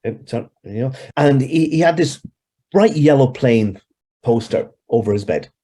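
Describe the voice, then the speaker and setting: A man's voice: medium pitch, animated, a little slow, dark tone, breathy edge. An Irish man in his sixties, telling rambling stories as a guest in an interview. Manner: rambling, conversational storyteller. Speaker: hypnotherapist guest. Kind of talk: anecdotal storytelling in an interview.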